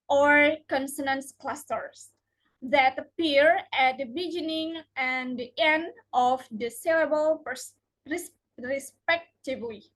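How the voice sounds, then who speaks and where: Her voice high and fairly bright, a young Indonesian woman presenting as a student reads out a prepared lesson in non-native English, giving each example word careful emphasis. She is a young adult, and the audio quality is poor.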